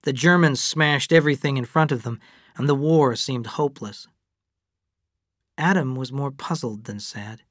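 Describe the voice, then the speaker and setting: A narrator reading an abridged novel aloud in slow, even storytelling. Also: medium pitch, no room sound, clean studio sound.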